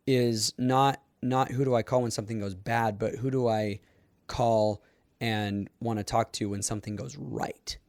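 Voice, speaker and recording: A man's voice: mid-range voice, dry recording, clean studio sound. A young man hosting a solo podcast, talking in a casual, rambling way with fillers and little laughs. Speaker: podcast host.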